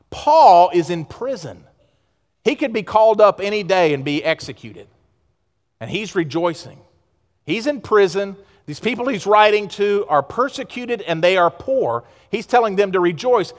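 A man with a high voice preaches a fervent sermon from the United States, his words ringing out through a church sanctuary with a long, trailing reverb. He swings from loud exhortation down to quiet, pointed asides. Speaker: pastor. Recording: long reverb of a large hall.

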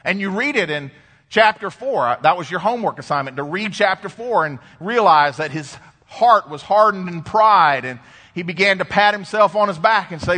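A male pastor with a high, bright, forceful voice preaches in an emphatic style, swinging between loud peaks and low, hushed passages. His voice rings out with a long reverb, as in a large hall. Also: very animated, normal speed. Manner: emphatic preaching, rising and dropping sharply. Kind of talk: sermon.

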